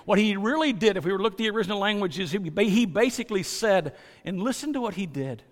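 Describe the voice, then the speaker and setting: A man preaching a sermon as pastor, earnest and building to loud, emphatic stresses. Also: high-pitched, animated, fast, long reverb tail.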